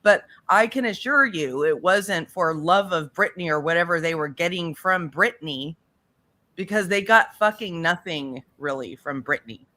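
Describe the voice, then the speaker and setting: Woman, co-host, emphatic, repetitive, swearing, bright tense voice. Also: on the low side, unhurried. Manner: emphatic, repeats phrases, swears. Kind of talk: casual commentary chat.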